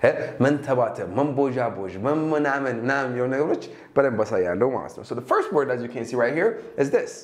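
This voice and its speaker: A man with an Ethiopian accent, a native Amharic speaker, teaching English in a casual, animated lesson that mixes in Amharic and plenty of laughter. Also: medium pitch, racing, few pauses, roomy sound.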